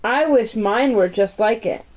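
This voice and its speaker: A lady doing a high squeaky little girl, eager and earnest, kinda muffled lo-fi sound. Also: measured pace, a little mellow, close to an everyday voice. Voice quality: high girlish voice. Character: young English girl, anxious and determined. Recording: muffled lo-fi recording.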